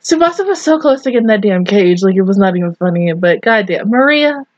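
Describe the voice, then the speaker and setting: A woman giving casual anime reaction commentary, with loud disbelieving outbursts, swearing and laughter. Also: medium pitch, lively intonation, brisk, no room sound, lo-fi sound.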